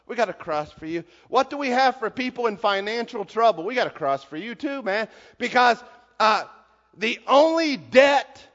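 A male preacher delivering a sermon, swinging between hushed asides and emphatic shouting. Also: high voice. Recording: dull reverberant hall recording.

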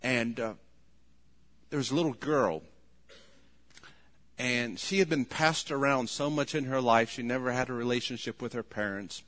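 A man preaching a sermon in an earnest tone, voice rising to loud pleading when he quotes. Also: medium pitch, moderate pace, long pauses. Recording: long hall reverb.

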